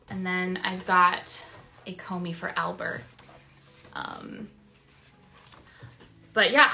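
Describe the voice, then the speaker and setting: A woman's voice: fairly high pitch, creaky, sharp tone. A woman streaming casually, chatting with fans while she signs prints, with frequent ums and small laughs. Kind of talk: casual livestream chat.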